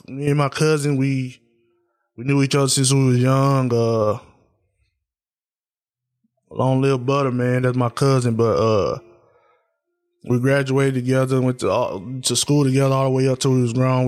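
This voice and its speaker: Young male podcast host, solo, loose and candid, subdued and reflective, medium pitch. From Tennessee. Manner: loose and candid, many fillers like uh and man. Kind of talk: solo casual podcast talk.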